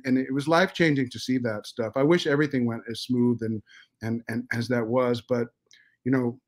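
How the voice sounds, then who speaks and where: A middle-aged American man telling stories as a podcast guest, animated and profane, with many restarts. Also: mid-range voice. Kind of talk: casual storytelling.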